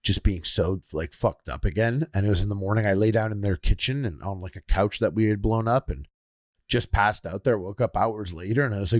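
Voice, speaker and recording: Rambling, animated male podcast storyteller. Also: fairly low pitch, brisk, dry recording, studio quality. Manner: acts out sounds and quoted voices while telling stories. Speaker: podcast co-host. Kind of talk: casual podcast chat.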